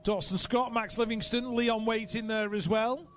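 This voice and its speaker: A man's voice: high voice, steady tone, faint music behind. A man announcing live races, reeling off rider names and adding chatty asides between calls. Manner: brisk, reels off rider names. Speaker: race announcer. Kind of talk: live sports commentary. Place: outdoor race track.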